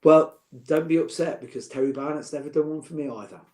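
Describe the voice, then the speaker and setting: A man's voice: fairly high pitch, quick pace, a little mellow. A middle-aged man, chatting as a podcast guest, joking and heartfelt by turns. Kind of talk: casual chat.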